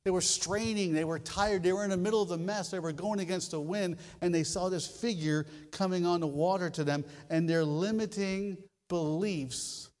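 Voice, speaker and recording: A man preaching a sermon as a pastor, telling stories in an animated way and hammering home short repeated phrases. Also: high voice, moderate pace, few pauses, long reverb tail.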